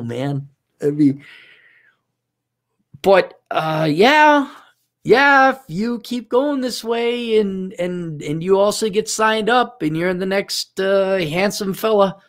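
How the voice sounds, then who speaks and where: Rambling man giving casual advice. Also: high-pitched. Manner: rambling, stops and restarts often, informal and blunt.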